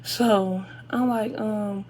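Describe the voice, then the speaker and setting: An eighteen-year-old woman, telling a casual storytime to viewers in an animated, chatty way. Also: medium pitch, very slow, a little hiss or hum. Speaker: vlogger.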